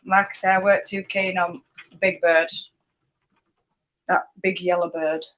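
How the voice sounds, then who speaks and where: A northern English woman with a Yorkshire accent, a spinning vlogger, hosts a casual live chat, rambling, answering viewers, and laughing often. Her lowish, slightly bright voice moves little in pitch and runs a bit slow, and the audio is poor.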